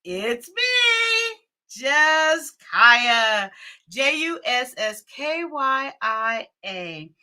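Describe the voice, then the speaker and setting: A woman's voice: sits high, very animated, extremely slow, bright, forceful tone. A woman hosting a casual livestream, chatting with viewers and laughing often. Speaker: livestream host.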